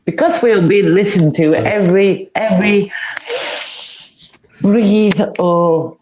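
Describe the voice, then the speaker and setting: A man's voice: high voice, slow, darkish tone. A man in a casual chat who meanders, repeats words and drifts from topic to topic. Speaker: chat participant. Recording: dull lo-fi sound.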